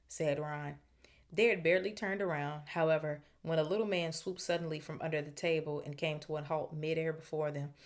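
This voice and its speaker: A woman's voice: low-pitched, little pitch movement, a little fast. A woman hosting a book club podcast, reading a novel aloud and breaking off for chatty, slangy asides. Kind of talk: book reading with casual commentary.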